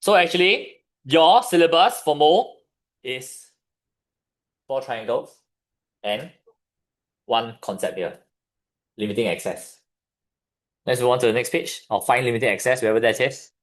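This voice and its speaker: A man with a Singaporean English accent, teaching a chemistry revision class and questioning his students as he goes. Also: mid-range voice. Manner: questions the class, pausing for answers. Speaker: chemistry tutor.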